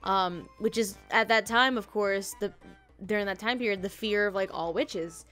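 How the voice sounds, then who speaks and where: A woman's voice: mid-range voice, normal speed, a bit bright, soft background music. A woman hosting a casual podcast chat, rambling and self-correcting, laughing often. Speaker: podcast host reviewing an audio drama.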